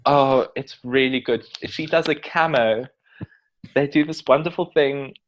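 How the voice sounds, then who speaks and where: A young South African man chatting as a podcast guest, quick and jokey, peppering his talk with "like". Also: mid-range voice, dull audio, a little hiss or hum. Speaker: podcast guest, pop artist. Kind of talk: casual chat.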